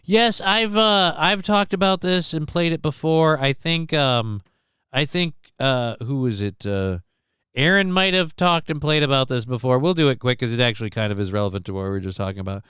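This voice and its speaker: A man's voice: mid-range voice, moderate pace, fairly bright tone, clear, resonant tone, dry recording, clean studio sound. Sarcastic man riffing on news clips. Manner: rambling, sarcastic, mock voices for people in clips. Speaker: show host. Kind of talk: casual live-stream commentary on news clips.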